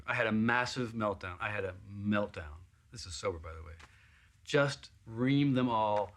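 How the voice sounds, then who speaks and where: Speaking at a moderate pace and with great animation, a man relates what happened at an audition. Whenever other people talk in the tale, he performs their lines with sharp jumps in pitch, making it a vivid anecdote.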